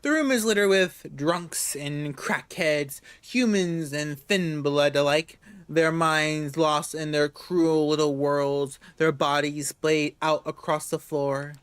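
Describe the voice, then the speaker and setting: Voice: medium pitch, steady tone, slow pace, hardly any pauses, a bit bright, clear, resonant tone, no echo. A let's-play host reading a story game's narration aloud in a casual way, with joking asides.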